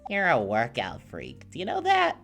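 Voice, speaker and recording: A woman voicing an excitable young man in a hospital bed, given to dramatic playful outbursts. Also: very deep voice, normal speed, gravelly, soft background music, exaggerated voice. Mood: outraged. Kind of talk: visual novel voice reading.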